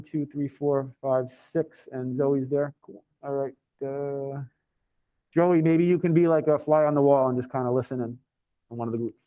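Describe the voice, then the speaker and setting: A man teaching physics to a live online class, his voice mellow and relaxed. He thinks aloud as he goes, reads formulas out slowly and drops casual asides. He sounds like he is talking into a computer mic on a video call. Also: mid-range voice, poor audio.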